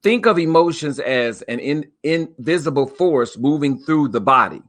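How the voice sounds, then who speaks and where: A man's voice: on the high side, lively intonation, normal speed, a bit bright. A man hosting a live stream, talking in a folksy, preachy way, stretching out words for emphasis. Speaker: host. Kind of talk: casual live-stream talk.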